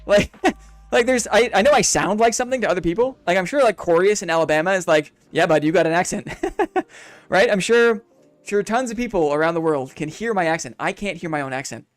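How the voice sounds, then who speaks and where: A man's voice: high voice, expressive, fairly quick. A man chatting casually on a live game stream, upbeat and reflective, rambling through his thoughts in a friendly way.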